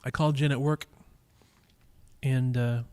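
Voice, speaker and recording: In a cigar lounge, a man talks into a microphone while hosting a live stream, chatting casually and teasing viewers in a rambling way with many fillers and restarts. He speaks slowly at a medium pitch, his voice warm and smooth with fairly even intonation.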